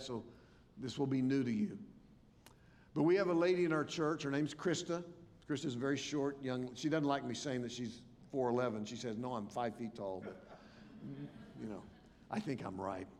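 An older male preacher tells a story from the pulpit, slipping into the voices of the people in it. His voice sits a little high for a man. It rings with a long reverb through a large hall. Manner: animated storytelling, acts out quoted voices. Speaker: pastor. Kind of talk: conference sermon, storytelling. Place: large church or conference hall.

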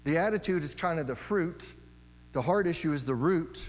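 A man's voice: on the high side, lively intonation, normal speed. A man preaching a sermon, emphatic, repeating key phrases and often asking "right?" to his listeners. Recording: long hall reverb, dull sound, mains hum.

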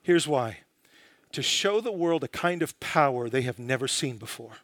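A man preaching a sermon in a dramatic, emphatic way, often dropping low and slow for quotations. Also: lively intonation, fairly bright tone, dry recording, studio quality.

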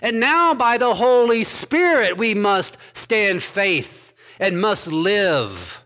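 Preaching man, fairly high voice. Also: big pitch swings, takes it slowly, pushed and bright. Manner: expository preaching, rising emphasis and asides. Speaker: pastor. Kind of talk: sermon.

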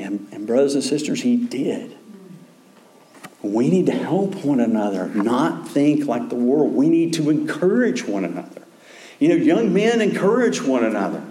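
A man preaching a sermon as pastor, earnest, dropping to a hush and then rising to emphatic calls. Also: mid-range voice, roomy sound.

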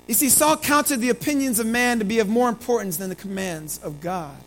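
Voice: brisk, hardly any pauses, rough recording. Dramatic preacher retelling a bible story. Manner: dramatic storytelling, swings from loud emphasis to hushed low delivery. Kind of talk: sermon told in first person as a biblical prophet.

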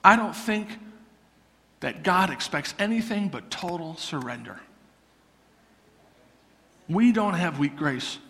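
A man preaching a sermon in a lively, conversational way. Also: on the high side, slow pace, pauses often, in a large hall. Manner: animated, conversational preaching with acted-out quotes. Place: church sanctuary.

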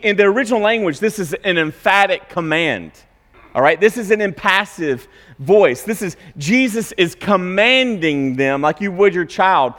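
A man's voice: high-pitched, normal speed, fairly bright tone, big-room sound. A man preaching a sermon in a conversational way, asking rhetorical questions and checking in with his listeners. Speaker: pastor.

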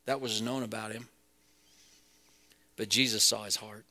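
A man's voice: lowish voice, steady tone, unhurried, sharp tone. A man preaching a sermon as pastor, earnest and building to emphatic peaks.

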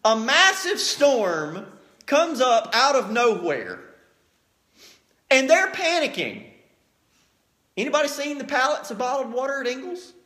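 A preacher with an unusually high, bright voice delivers a sermon. His pitch swoops up and down as he acts out the stories, and he keeps it folksy and animated. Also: measured pace, long pauses. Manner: animated storytelling, acts out scenes.

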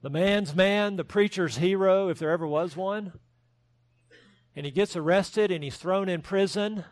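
A man preaches with earnest emphasis, his voice sitting high. He mixes conviction with self-deprecating asides. The sound is dry and close. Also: a little slow, no echo. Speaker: pastor. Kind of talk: sermon.

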